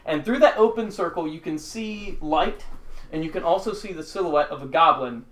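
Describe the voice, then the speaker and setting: A man's voice: a little high, normal speed, fairly bright tone. A man narrating a tabletop game as dungeon master, casual with lots of fillers. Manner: casual, chuckling, full of fillers. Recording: echoey room, faint noise.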